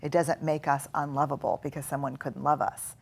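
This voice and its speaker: Low-voiced woman, guest in a live talk, earnest, goes soft and quiet a lot. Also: flat delivery, a little fast, vocal fry, husky. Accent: Texan. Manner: earnest, reflective, drops to soft quiet tones. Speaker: guest speaker. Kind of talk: live conversation.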